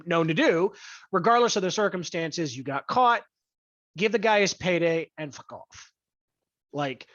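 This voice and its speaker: A podcast host in a profane sports rant, angry, crude and blunt, stressing key words with deliberate emphasis. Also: mid-range voice, a bit bright, no room sound. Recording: dull lo-fi dry recording.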